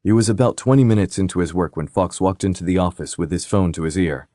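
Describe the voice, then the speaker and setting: A man narrating a romantic suspense audiobook in a steady, even reading. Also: sits low, quick pace, hardly any pauses, no echo, clean studio sound. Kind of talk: scripted narration.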